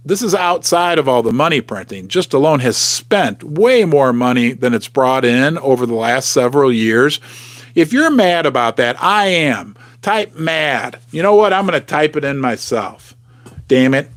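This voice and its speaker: A man hosting a casual livestream, chatting with viewers and reading their comments aloud, with animated outbursts. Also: on the high side, dry recording. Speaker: livestream host.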